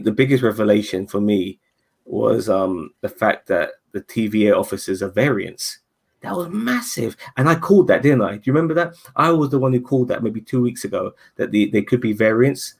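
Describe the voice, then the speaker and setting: A man with a low, husky voice chats loosely with friends as a podcast co-host. He talks in an animated way, full of slang and swearing. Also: moderate pace. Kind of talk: casual chat.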